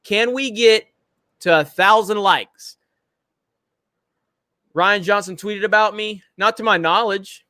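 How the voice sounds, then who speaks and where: A man's voice: high voice, takes it slowly, pauses often, pushed and bright, no echo, studio quality. A man hosting a casual livestream chat, blunt and confrontational, with frequent swearing. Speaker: show host.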